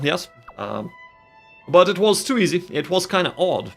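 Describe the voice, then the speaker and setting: A man streaming a game, talking casually and thinking aloud as he plays, often repeating himself. His voice is gravelly and swings widely in pitch. Faint music plays underneath. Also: very animated, normal speed. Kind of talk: casual gaming commentary.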